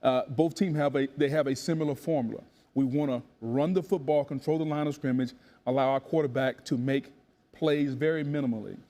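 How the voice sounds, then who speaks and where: A man analysing football in a studio, emphatic and punchy, punctuating his points with 'boom'. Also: fairly quick, mellow. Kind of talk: sports analysis talk.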